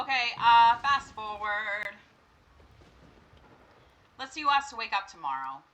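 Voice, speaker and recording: A young woman with a bright, forceful voice gives casual gameplay commentary. She chats with the characters on screen as if they could hear her and sometimes bursts into startled, laughing screams. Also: on the high side, expressive, unhurried, pauses often, rough recording. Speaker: gameplay streamer. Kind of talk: casual let's-play commentary.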